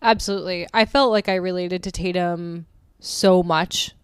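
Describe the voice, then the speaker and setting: A woman's voice: fairly low pitch, fairly even intonation, normal speed, clear, resonant tone, no echo. A woman co-hosting a casual book club podcast, chatty and laughing often as she acts out quotes. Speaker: podcast co-host.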